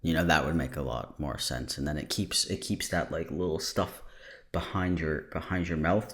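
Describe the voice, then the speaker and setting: Deep-voiced tired man, joking. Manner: joking, rambling, swears freely. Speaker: podcast host. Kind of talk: casual podcast chat.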